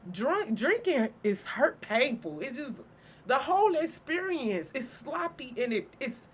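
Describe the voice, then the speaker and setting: A woman's voice: high voice, very animated, measured pace, slightly rough. A woman hosting a spiritual channel, talking casually and bluntly to her viewers, joking and cursing freely. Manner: blunt, profane, joking, speaks straight to viewers.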